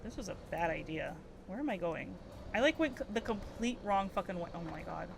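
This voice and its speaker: A woman's voice: mid-range voice, expressive, brisk, creaky, noisy background. Woman streamer, casual muttered commentary, swears often. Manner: muttering to herself, swearing, scattered.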